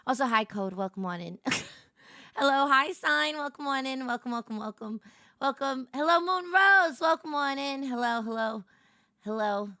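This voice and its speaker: A young woman streamer greeting her chat with an animated, swinging delivery, from soft murmurs to sudden excited squeals. Her voice is bright, a little high and forceful. The sound is close and dry. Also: normal speed, no room sound. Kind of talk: casual livestream chat.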